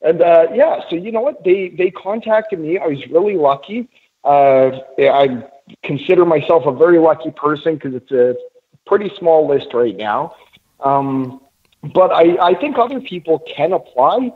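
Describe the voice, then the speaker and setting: A man from Canada, a guest phoning in to a live radio talk show, with a fairly high voice. He jokes at his own expense in easy, casual talk. The tinny phone line squeezes his sound. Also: expressive, moderate pace. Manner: joking, self-deprecating. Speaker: guest treasure hunter.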